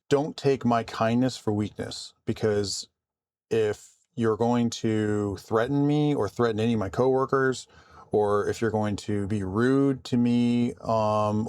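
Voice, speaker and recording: A man vlogging casually about his work, calm and conversational with frequent restarts. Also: lowish voice, smooth, no echo. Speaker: vlogger and IT support worker. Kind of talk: casual storytelling to camera.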